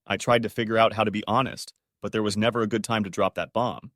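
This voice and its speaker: A man's voice: fairly low pitch, fairly even intonation, quick pace, fairly bright tone, dry recording, studio quality. A man narrating a dramatic first-person story in a scripted, emotional read.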